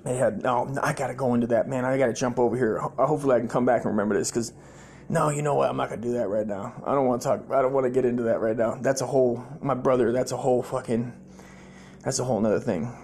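A former sailor hosting a comedy podcast, telling a long story in a rambling, heavily profane way and acting out the people in it. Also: male voice, mid-range voice, fast talker, husky. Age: adult, former sailor. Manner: profane, rambling, animated quoted voices.

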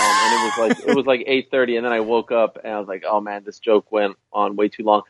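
A man's voice: on the low side, no echo, highs cut off. A man guesting on a podcast, chatting casually and emphatically about his own show. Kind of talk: casual interview chat.

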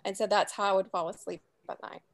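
A woman's voice: mid-range voice, steady tone, fast talker. A middle-aged woman with a Southern US accent, chatting as a guest author in a casual interview, rambling and laughing easily. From Louisiana.

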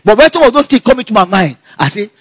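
High-voiced man telling a story. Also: fast talker, dry recording. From Nigeria. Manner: animated, laughs often, acts out dialogue. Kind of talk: casual personal storytelling.

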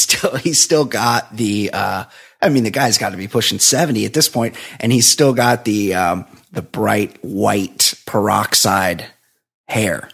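A man's voice: mid-range voice, vocal fry, fairly bright tone, slightly rough. A man co-hosting a comedic podcast, rambling casually and laughing between lines. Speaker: podcast co-host.

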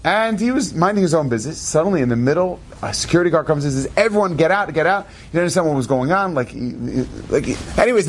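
A man telling an inspirational story in an animated, quick way, with asides and laughs. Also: on the high side. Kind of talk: storytelling talk.

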